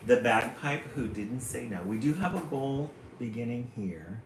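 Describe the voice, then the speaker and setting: A man's voice: mid-range voice, lively intonation. A man hosting a live stream, reading children's poems aloud in a playful way. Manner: slow, playful, chuckling between poems. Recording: roomy room, faint hum.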